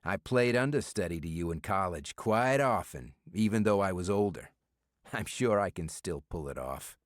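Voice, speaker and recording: A man's voice: sits low, expressive, normal speed, no room sound, clean studio sound. A man voicing a brash male friend who teases and pushes in banter, in an audiobook. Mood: cocky. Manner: pushy, ribbing banter. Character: brash, teasing male friend and city official.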